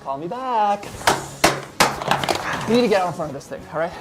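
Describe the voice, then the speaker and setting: A woman's voice: lowish voice, animated, brisk, loud music behind the voice, pitched above the performer's own voice, natural voice. A woman voicing a panicking, sleazy older man making a frantic phone call, heard from a distance. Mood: panicked. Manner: frantic, blustering.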